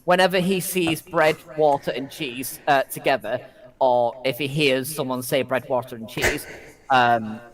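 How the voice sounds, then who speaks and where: A man's voice: medium pitch, a little slow, poor audio. A man in casual podcast chat, reading a silly profile aloud with many hesitations and frequent giggles. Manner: giggly, hesitant with many ums, cracks himself up.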